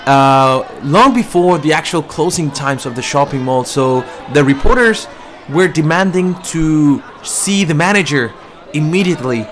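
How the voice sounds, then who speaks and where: A man giving live commentary, relaying what the people around him are shouting, with frequent fillers and restarts. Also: a little high, animated, a little slow, faint music behind. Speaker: livestream commentator.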